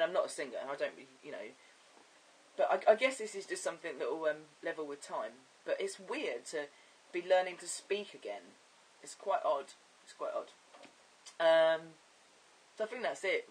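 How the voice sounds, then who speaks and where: A man chatting in a casual video diary, his voice deepening and cracking, rambling and giggling as he talks. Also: breathy edge, far from the mic, poor audio. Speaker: vlogger.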